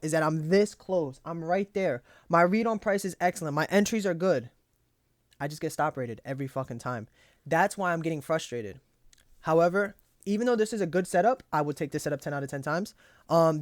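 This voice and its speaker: Recorded with studio quality and no echo, a young man with a fairly high voice hosts a trading journal where he reviews his trades casually aloud. Frustrated, he curses freely and talks himself through it with pep talks.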